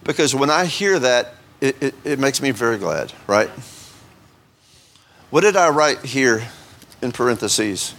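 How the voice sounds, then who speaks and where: A man's voice: mid-range voice, lively intonation, unhurried, pauses often, a bit bright. Man preaching a casual, joking sermon. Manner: conversational, joking, asks the congregation questions. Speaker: pastor. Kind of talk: informal sermon.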